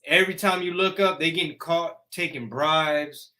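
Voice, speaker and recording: A man's voice: a little high, moderate pace, sharp tone. A man, hosting a casual live chat in a brash, joking rant. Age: 40s. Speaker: host.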